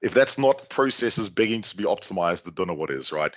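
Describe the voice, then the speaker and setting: A middle-aged South African man giving a lively, joking talk to an online audience. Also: low-pitched, fairly quick, background noise. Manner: lively, jokey, chatty asides. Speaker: guest speaker. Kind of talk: conference talk on a video call.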